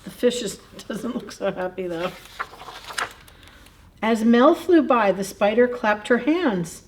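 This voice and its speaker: A woman's voice: a little high, lively intonation, slow pace, a little hiss or hum. A woman librarian reading a picture book aloud at a children's story time, in a playful, chatty way, chuckling and asking the kids questions.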